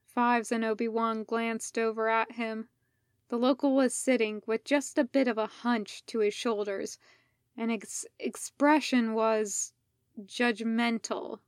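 A woman reading a fan fiction story aloud as narrator, slow and deliberate. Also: on the high side, little pitch movement, dry recording, clean studio sound. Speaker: podfic reader.

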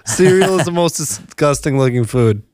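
Animated young man, higher voice. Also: no echo, studio quality. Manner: animated, quick to mock bad takes. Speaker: podcast co-host. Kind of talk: casual chat.

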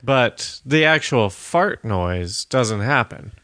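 A man who is a guest on a comedy podcast, bantering in a deadpan, mock-offended way. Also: medium pitch, slow, no room sound, clean studio sound.

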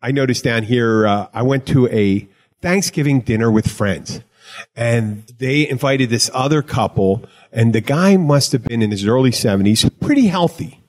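A man's voice: mid-range voice, moderate pace. A middle-aged man hosting a casual chat show, talking in a rambling way with restarts and laughs. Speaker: podcast host.

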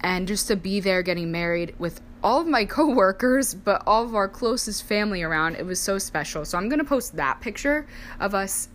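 With lively intonation and a moderate pace, a young woman recounts personal stories in a mid-range voice, peppering them with "like" and imitating what her relatives said. There's slight background noise.

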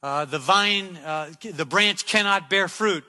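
A man preaches a sermon in a high, very bright voice, hammering home repeated phrases. The sound carries a long hall reverb, as if from a church sanctuary. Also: slow pace.

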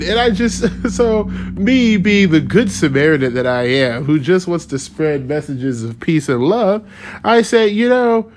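Man, slightly high voice, casual rant, sarcastic, swears a lot, rambles off topic. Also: lively intonation, a little slow, darkish tone, a little hiss or hum. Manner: profane, rambling, sarcastic, laughs often. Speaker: podcast host.

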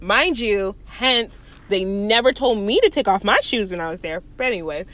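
A woman telling a story in a chatty, animated way, laughing as she goes. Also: mid-range voice, normal speed. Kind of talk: casual storytelling.

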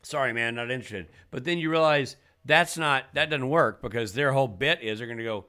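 A man in his thirties or forties co-hosting a casual comedy podcast, joking and acting out phone calls in quick voices. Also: medium pitch, pushed and bright, smooth. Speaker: podcast co-host.

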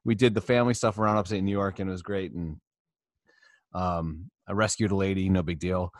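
A man's voice: sits low, fairly even intonation, fairly quick, no echo. A man co-hosting a podcast, joking in a loose, offhand and profane way. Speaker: podcast co-host. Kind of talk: casual podcast chat.

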